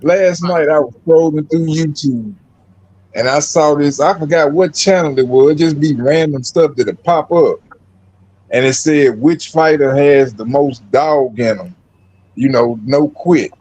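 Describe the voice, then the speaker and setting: A man co-hosting a podcast, telling a story in a relaxed, rambling way. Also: a little high, unhurried, rough recording. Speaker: podcast co-host. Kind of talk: casual chat.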